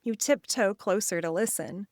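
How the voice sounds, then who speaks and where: A woman hosting and narrating an imaginative guided story and quiz for children, speaking in an expressive second-person voice. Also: mid-range voice, moderate pace, no room sound, clean studio sound. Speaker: children's show host and narrator.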